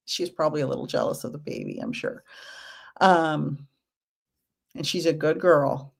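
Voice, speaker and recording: Woman in her fifties, spiritual medium, casual livestream chat, gentle and reassuring, unhurried delivery. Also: low voice, animated, gravelly, breathy edge. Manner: gentle and reassuring, with chatty asides.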